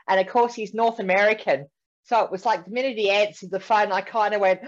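An Australian woman co-hosts a relaxed podcast chat, talking quickly and laughing easily. Her voice has a very animated pitch that rises and falls a lot. The audio sounds dull and lo-fi. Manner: chatty, laughs often, quick talker. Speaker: podcast co-host. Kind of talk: casual chat.

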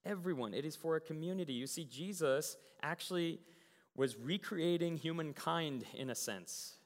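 Animated man preaching in a reverberant church. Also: fairly high pitch, normal speed. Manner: animated storyteller, many fillers and repeated words. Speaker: youth pastor. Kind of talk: casual sermon. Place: church sanctuary. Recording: church hall with long reverb.

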